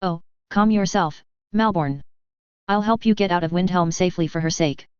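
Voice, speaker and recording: A woman reading aloud, voicing a calm, shrewd male shopkeeper who speaks gently. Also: fairly low pitch, smooth, dry recording, lo-fi sound, close to an everyday voice. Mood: probing. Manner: gentle, soothing, measured.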